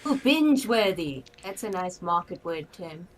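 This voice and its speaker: A woman's voice: fairly low pitch, big pitch swings, moderate pace, a little hiss or hum. A woman chatting playfully with friends on a game stream, joking around. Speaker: co-player. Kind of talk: casual gaming chat.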